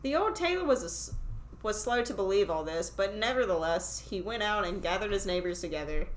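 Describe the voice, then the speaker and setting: A woman's voice: medium pitch, animated, fairly quick, reverberant, slight background noise, poor audio. A woman reading a fairy tale aloud casually, breaking off for irreverent, swearing asides. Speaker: reader and host.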